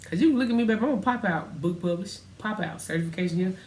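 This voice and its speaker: A woman co-hosting a casual podcast, telling stories and acting out quotes in a lively way. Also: lowish voice, very fast, roomy sound, recorded from a distance. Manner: animated storytelling, acts out quotes loudly. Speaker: podcast co-host. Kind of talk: casual faith podcast chat.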